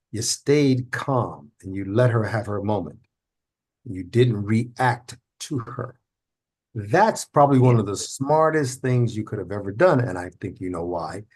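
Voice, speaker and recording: A man's voice: mid-range voice, a little mellow, husky. A man hosting a podcast, explaining ideas in a reflective, conversational way. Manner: reflective, explaining with acted examples. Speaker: podcast host.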